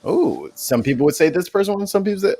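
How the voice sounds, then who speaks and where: A man's voice: sits high, sing-song, fast, creaky, mellow. Slangy laid-back man chatting. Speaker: co-host. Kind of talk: casual live-stream chat.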